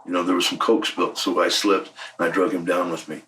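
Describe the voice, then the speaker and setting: A man's voice: sits low, flat delivery, a little fast, sharp tone, far from the mic, low-quality recording. A man in his sixties, a former wrestler, telling blunt, profane stories in an emphatic shoot interview. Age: 60s.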